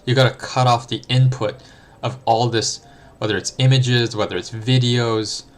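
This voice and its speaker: A man's voice: medium pitch, fairly even intonation, normal speed. A young adult man streaming live, answering chat in a reflective, thinking-aloud way with frequent ums and restarts. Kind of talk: casual livestream chat.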